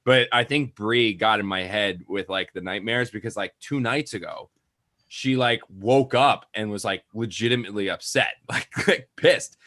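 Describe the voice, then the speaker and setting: A man's voice: on the low side, moderate pace, a bit bright, no echo, studio quality. A young man co-hosting a sports podcast over a video call, rambling casually with frequent laughs and repeated words. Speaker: podcast co-host, sports writer. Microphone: remote video call.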